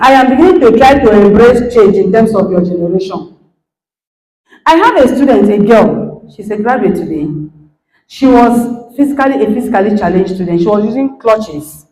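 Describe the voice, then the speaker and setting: A middle-aged woman with a Nigerian accent, giving an animated motivational talk that acts out quoted dialogue and checks in with her listeners. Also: fairly high pitch, reverberant, low-quality recording. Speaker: guest speaker, lecturer.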